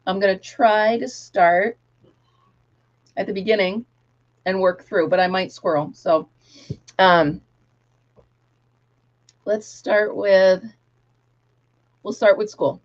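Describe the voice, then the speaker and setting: A woman hosting a casual live chat, telling rambling, animated stories to her viewers. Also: mid-range voice, slow pace, pauses often, dull audio. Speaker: host.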